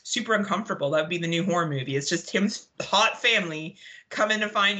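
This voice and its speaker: A woman's voice: fairly low pitch, fast, pushed and bright. A woman co-hosting a podcast in casual chat, laughing often and swearing freely. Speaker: podcast co-host.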